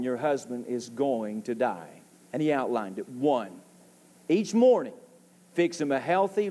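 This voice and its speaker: A man's voice: fairly high pitch, a little mellow. A man preaching a sermon in a folksy, joke-telling way, building to emphatic calls for an amen. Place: church sanctuary. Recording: long reverb of a church hall.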